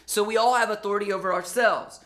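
Brief: lively conversational preacher, bright forceful tone, middle pitch. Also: fast talker. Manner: animated, conversational, acts out quotes. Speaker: pastor. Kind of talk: sermon.

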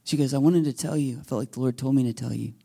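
A male pastor delivers a sermon with a gravelly, slightly husky voice. His tone is dark and mellow, and he slips into quoted voices and hushed asides as he tells the story. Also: medium pitch, fast. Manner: animated storytelling, acting out quoted voices, dropping to a whisper at times. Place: church sanctuary.

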